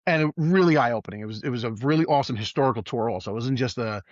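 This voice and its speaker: A man's voice: mid-range voice, rapid-fire, no room sound. A middle-aged man, an emergency services worker, telling a story in casual conversation and acting out the quoted voices. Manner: animated, acts out quoted voices. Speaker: EMS professional and podcast guest. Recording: dull, dry close recording.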